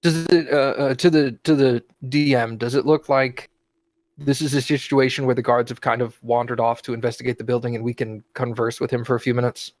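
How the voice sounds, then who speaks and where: A man's voice: medium pitch, level tone, brisk, a little mellow, dry recording. A man playing a tabletop game, asking questions politely and speaking in character. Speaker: player.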